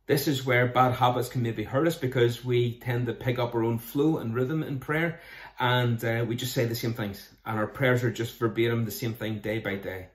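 Male pastor, conversational sermon delivery, mid pitch, echoey room. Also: steady tone, moderate pace. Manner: earnest, conversational preaching with rhetorical questions. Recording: roomy echo.

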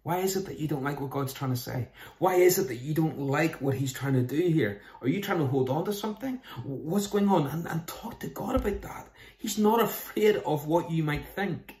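A man's voice: on the high side, lively intonation, normal speed, few pauses, darkish tone. A man, preaching a sermon in an earnest, conversational way, often posing questions to his listeners. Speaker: pastor. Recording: roomy echo.

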